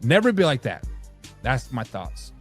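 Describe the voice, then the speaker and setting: A man hosting a live sports talk show, reading fan comments and ranting in a casual, animated way. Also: medium pitch, a little slow, soft background music.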